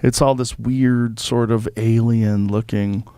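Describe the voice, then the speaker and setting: Guy hosting a podcast, swears a lot, gets animated, mid-pitch voice, dry close mic. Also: slow pace, clear, resonant tone, dry recording. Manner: profane, animated, acts out voices in stories. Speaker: podcast host. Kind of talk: casual chat. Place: podcast studio.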